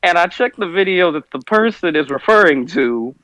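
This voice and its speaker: A man, a voice actor, chatting casually on a podcast in a blunt, relaxed way. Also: high-pitched, normal speed, no room sound, muffled recording. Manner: relaxed, blunt, lots of backchannel. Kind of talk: casual chat.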